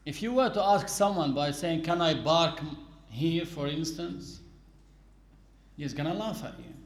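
A man with a high, light voice gives a religious lesson. He explains patiently, walking through example after example. The sound rings in a roomy, echoing space. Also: lively intonation, measured pace, vocal fry. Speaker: religious teacher. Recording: echoey room.

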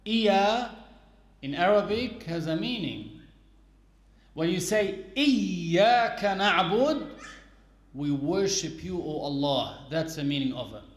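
A man giving a religious lesson, explaining rules deliberately with everyday examples. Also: on the high side, animated. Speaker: Islamic teacher. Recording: echoey room.

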